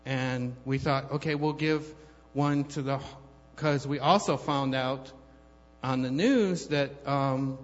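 A man gives a personal testimony at church, rambling conversationally with many fillers and restarts in a slow, mid-range voice. Holding a handheld mic too far away, he's recorded in a church hall with long reverb and a dull, lo-fi sound.

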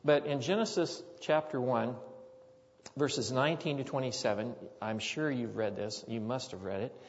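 A man's voice: mid-range voice, moderate pace. A middle-aged man preaching, telling a rambling, folksy personal story with rising emphasis. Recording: dull sound with long hall reverb.

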